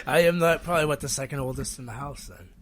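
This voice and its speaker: A man co-hosting a podcast in casual chat, excitable and stammering as he rambles. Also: mid-range voice, fast. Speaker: podcast co-host.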